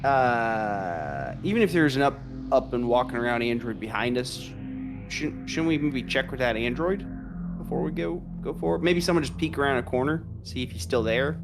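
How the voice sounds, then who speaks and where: A man's voice: mid-range voice, lively intonation, moderate pace, over music. A man with a Pittsburgh accent playing in a tabletop game, talking in a hesitant, stumbling way and laughing often. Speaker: player. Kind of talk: casual tabletop game chat.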